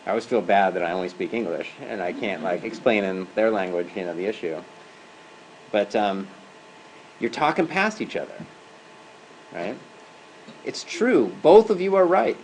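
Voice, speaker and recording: A man's voice: lowish voice, expressive, moderate pace, long pauses, slight background noise, low-quality recording. A man giving a university lecture in a classroom as an adjunct professor. He talks conversationally and keeps checking in with "right?" and "okay?".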